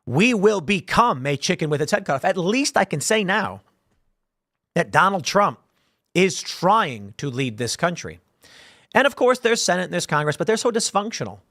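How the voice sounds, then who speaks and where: A man in his late thirties hosts a political commentary show, speaking in an emphatic, indignant rant. His voice sits a little higher than most men's, and he pushes his points hard. The sound is dry, with no room echo. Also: very animated, moderate pace, a bit bright. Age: 30s.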